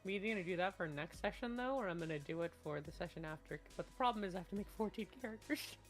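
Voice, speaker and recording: A woman's voice: lowish voice, animated, very fast, faint music behind. Rambling woman game master. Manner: rambling, restarts often, bursts into loud laughter. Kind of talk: casual chat on a voice call.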